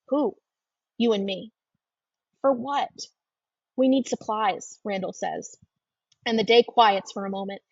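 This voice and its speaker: A woman narrates an audiobook in a steady, measured first-person reading. Her voice is gravelly and husky. It is close and dry, on a dull lo-fi recording. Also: medium pitch, no room sound.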